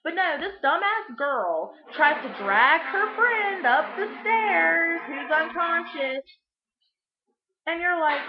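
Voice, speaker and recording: A woman's voice: very high voice, lively intonation, takes it slowly, noisy background. A young woman recapping a movie in a casual vlog, crude and sarcastic, rambling with lots of fillers. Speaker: vlogger. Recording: echoey room, muffled lo-fi sound.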